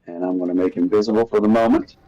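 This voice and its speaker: A man running a tabletop game as game master. His voice sits low with a gravelly fry to it. He talks in a relaxed, halting way with fillers. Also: lo-fi sound. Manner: easygoing, halting rules talk with fillers.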